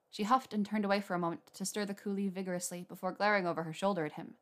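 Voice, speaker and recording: A woman narrating a storybook in a steady, measured way. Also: medium pitch. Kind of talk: storybook reading.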